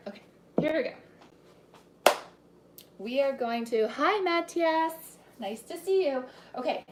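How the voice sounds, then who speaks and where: A woman hosts a live cooking demonstration from her home kitchen, chatting easily and greeting viewers by name between steps. She often trails off and restarts her sentences. The room is echoey, with steady noise behind her. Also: a little high, far from the mic. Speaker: cooking demo host and cookbook author.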